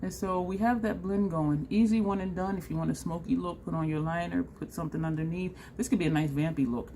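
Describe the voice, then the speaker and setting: A woman vlogging a makeup tutorial in a chatty, excitable way, talking straight to her viewers. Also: on the low side, fairly quick, a little hiss or hum. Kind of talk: casual makeup tutorial chat.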